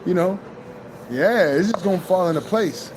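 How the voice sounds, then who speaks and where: A man with a notably high voice talks in a loose, streetwise spiritual pep talk. He curses freely and keeps looping back to the same encouragements. Faint vehicle noise hums in the background. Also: expressive, normal speed. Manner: loose, profane, repeats himself. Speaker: spiritual vlogger.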